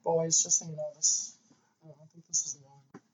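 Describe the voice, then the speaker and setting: A man's voice: on the high side, completely flat delivery, moderate pace, a little mellow, low-quality recording. Laid-back man with dry podcast remarks. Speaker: podcast co-host. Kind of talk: casual podcast chat.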